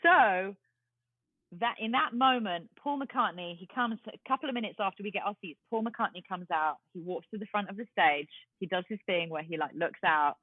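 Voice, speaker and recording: A woman in her forties with an English accent, a guest telling a lively story and acting out the voices of the people in it. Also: mid-range voice, moderate pace, no echo. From London. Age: 40s. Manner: lively, acts out quoted voices. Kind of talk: storytelling in a casual chat. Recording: tinny phone-like line, dry.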